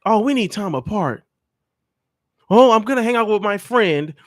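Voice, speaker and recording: A man's voice: sits high, lively intonation, normal speed, dry recording, clean studio sound, pitched above the performer's own voice. A man mimicking an evasive young woman who makes excuses, in an airy, mocking tone.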